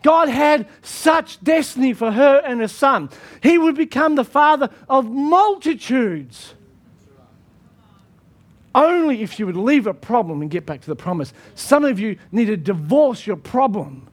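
A man's voice: extremely high pitch, expressive, a little slow. A man pastor preaching a sermon in an emphatic style, often repeating his phrases.

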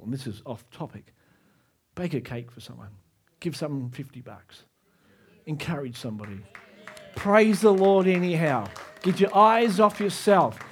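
A man preaching a sermon as pastor, moving between soft, low asides and raised, emphatic climaxes. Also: husky.

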